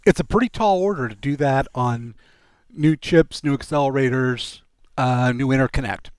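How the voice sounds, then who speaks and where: A man hosting a relaxed tech podcast, wry and joking in his delivery. His voice sits at an ordinary middle pitch. The recording is dry, with little room sound. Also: normal speed, clean tone, dry recording. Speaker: podcast host. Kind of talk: casual tech podcast chat.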